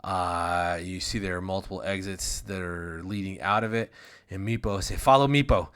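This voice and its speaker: A man's voice: low voice, little pitch movement, normal speed, fairly bright tone, clear, resonant tone. A man narrating as game master in a tabletop game, casual and rambling, with the odd swear.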